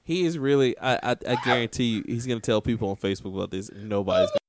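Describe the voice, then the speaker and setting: A man's voice: mid-range voice, animated, very fast, a little hiss or hum. A man hosting a casual podcast chat, hyped and teasing, trash-talking with slang. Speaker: podcast host.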